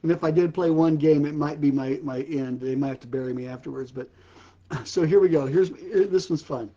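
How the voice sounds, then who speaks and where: On the high side and a little fast, the older man's warm voice comes across as dull audio from his live-stream setup. As host of a casual ministry live stream, he tosses out puns and repeatedly bursts out laughing at them.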